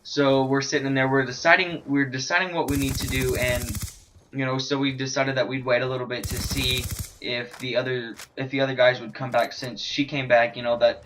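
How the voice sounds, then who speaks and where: A man rambling through a story over video game footage, with lots of fillers, restarts and animated sound effects. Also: medium pitch, fairly quick, slight background noise. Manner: hesitant, many fillers and restarts. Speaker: gaming commentator. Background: faint video game gunfire.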